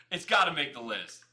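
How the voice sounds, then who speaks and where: A young man hosts a casual livestream, his voice bright and forward. He talks fast, repeats phrases and chats straight to his viewers. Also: on the high side, a little hiss or hum. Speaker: livestream host.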